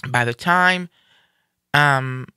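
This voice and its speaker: Bright, forceful man retelling a story. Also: medium pitch, extremely slow, clear, resonant tone, no room sound, studio quality. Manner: animated retelling, acting out quoted speech. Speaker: guest sharing a personal story. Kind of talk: casual live-stream conversation.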